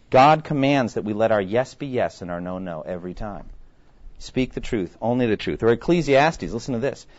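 A man preaching a sermon in an easy, conversational manner, often turning to his listeners with questions. His voice sits at an ordinary middle pitch. The recording sounds a little dull and muffled.

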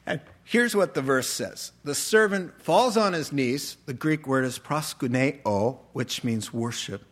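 A man preaching a sermon, telling a story and acting out the characters' lines with animated delivery. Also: medium pitch, measured pace. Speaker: pastor.

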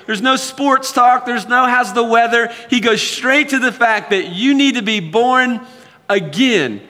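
A man's voice: high-pitched, sharp tone. A male pastor preaching a sermon to his congregation, emphatic and conversational, repeating phrases for stress. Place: church sanctuary. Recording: reverberant hall sound.

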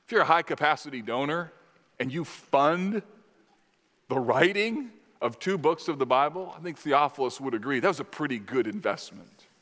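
A man preaching a sermon in a measured, emphatic way, putting questions to the congregation. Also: fairly high pitch, lively intonation, a bit bright. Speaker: pastor. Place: church sanctuary. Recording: long reverb in a large hall.

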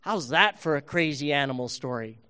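Animated man telling a children's sermon. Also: on the high side, moderate pace, smooth. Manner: animated, playful storytelling. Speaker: pastor.

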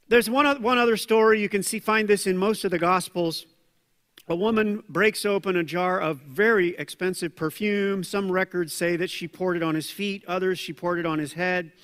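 A man preaching a conversational sermon as pastor, acting out quoted voices with lively asides. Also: high-pitched, normal speed. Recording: long hall reverb.

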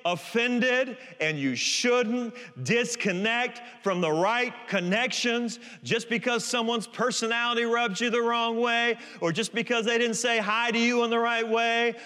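A man's voice: very high-pitched, steady tone, normal speed, hardly any pauses, pushed and bright, clear, resonant tone. A man preaching a sermon in a church, emphatic, and he keeps asking the congregation to call the words back. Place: large church hall. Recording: reverberant church hall.

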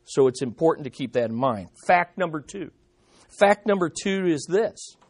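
Emphatic, lively high-voiced man preaching. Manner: emphatic, repeats key phrases for stress; slows down on key statements. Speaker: pastor. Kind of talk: sermon.

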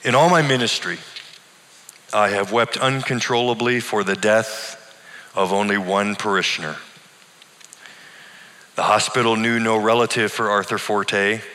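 A middle-aged male pastor tells a personal story in a sermon style, earnest and deliberate. His voice sits fairly low but comes across bright and forceful. A long reverb from a large hall hangs after his words. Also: fairly even intonation.

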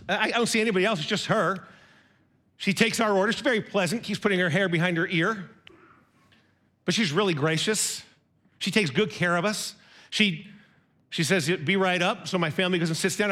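High-voiced middle-aged man preaching. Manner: conversational, self-deprecating, animated retelling with quoted dialogue. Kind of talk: sermon storytelling.

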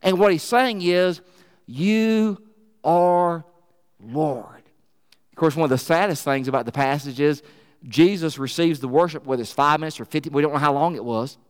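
A man preaches a lively, emphatic sermon spiced with folksy asides. His voice sits high and comes through smooth and clear. The sound rings out with a long reverb from a church sanctuary. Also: fast talker.

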